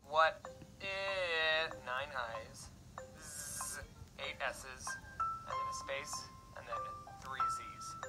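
In this low-quality recording, a medium-pitched man performs a comedic reading of his own childhood story, cracking jokes in between. He reads the dialogue in a wry, mock-dramatic way while loud music plays behind him.

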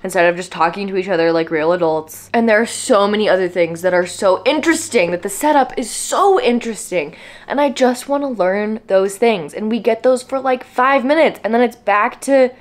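A woman's voice: mid-range voice, fairly quick. A young woman vlogging about her reading, ranting in an exasperated, emphatic way. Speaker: book vlogger. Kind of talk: casual vlog rant.

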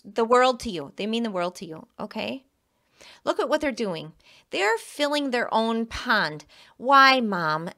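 A woman's voice: on the high side, a bit bright. A woman giving a casual tarot reading to the camera, emphatic and repeating herself, with a frequent "okay?". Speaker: tarot reader.

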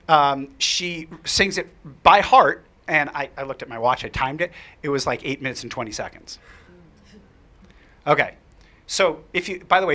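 A male presenter tells a lively story to a workshop audience and then questions the room. His voice sits a little high and bright, and his speech is animated, with plenty of ums and restarts. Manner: animated, anecdotal, frequent fillers and restarts.

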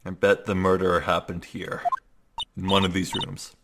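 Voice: deep voice, monotone, moderate pace, background noise. A let's-player giving casual, self-deprecating commentary between lines of voice acting. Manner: chatty, self-deprecating asides. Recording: game music playing under the voice. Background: game music.

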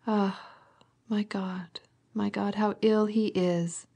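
A woman's voice: mid-range voice, moderate pace, a little mellow, breathy edge, lightly acted. A woman voicing a tearful, fretful older noblewoman who speaks in pleading, breathless exclamations.

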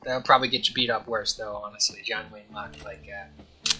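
A man's voice: on the low side, steady tone, a little fast, low-quality recording. A man giving casual, jokey commentary on a video game, laughing often and reading the characters' lines aloud in playful voices. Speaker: let's player.

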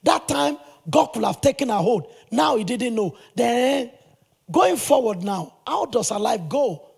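A male pastor preaching a sermon in an animated, emphatic way, with sudden loud bursts. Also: very high-pitched, unhurried, vocal fry, slightly rough.

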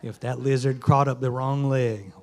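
A man's voice: mid-range voice, fairly even intonation, normal speed, very noisy. A man, a pastor preaching a folksy sermon in a small church. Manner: folksy Southern preaching, rising to fervent shouts.

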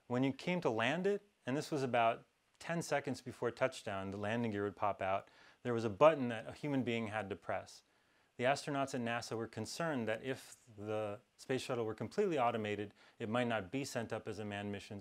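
A man giving a presentation talk with slides to an audience, with wry, dry humor and frequent fillers and restarts. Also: medium pitch. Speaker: conference speaker.

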